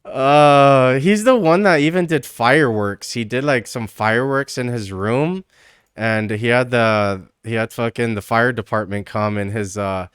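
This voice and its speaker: Young male streamer, slow, easygoing, laughs a lot, clean and dry close sound. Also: mid-range voice, fairly bright tone, clean tone, dry recording. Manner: laid-back, laughing often, swearing, loose and rambling. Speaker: streamer reacting to a clip. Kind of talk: casual live-stream commentary.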